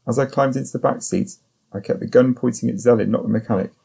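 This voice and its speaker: A male audiobook narrator reads a first-person thriller at a steady, measured pace. His low, gravelly voice has a dark, slightly husky tone, and his delivery of the scripted text stays even and controlled.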